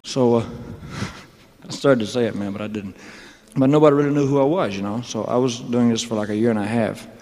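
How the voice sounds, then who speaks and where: A man's voice: mid-range voice, brisk, darkish tone. A man telling stories on a concert stage in a rambling, joking way, with laughing asides. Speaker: stage performer. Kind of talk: onstage storytelling monologue. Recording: live concert hall reverb.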